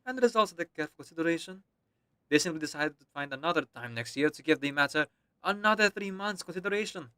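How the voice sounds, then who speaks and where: A man's voice: a little high, animated, fast, bright, forceful tone, smooth, dry recording, voice pushed up. A man voicing an exasperated young male office clerk with a put-on French accent, reading game dialogue aloud. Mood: sardonic.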